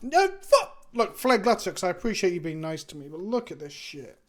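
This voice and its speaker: A man's voice: sits high, animated, fairly quick, a little hiss or hum. A tired English man chatting casually to his stream viewers, rambling and self-deprecating. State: tired, sluggish. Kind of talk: casual live stream chat.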